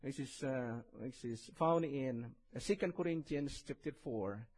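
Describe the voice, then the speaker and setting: A man with a strong Indonesian accent preaching in a church, chatting and joking before he reads scripture slowly. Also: medium pitch, a little mellow, poor audio. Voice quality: husky, heavily accented English. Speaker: visiting preacher. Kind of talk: sermon.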